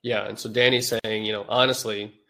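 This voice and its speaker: A man's voice: mid-range voice, fairly even intonation, moderate pace, fairly bright tone. Guy hosting a podcast, nasal stuffy voice, loose rambly chat with lots of fillers. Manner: rambling, informal, with frequent fillers. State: nasal from a cold. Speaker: podcast host. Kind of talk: casual live-stream talk to a chat audience.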